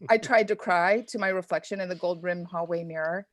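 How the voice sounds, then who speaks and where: A woman reading her own deliberately awful first chapter aloud, with a sly, mock-breathless comic delivery. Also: fairly low pitch, no room sound, studio quality. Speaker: guest author reading a parody chapter.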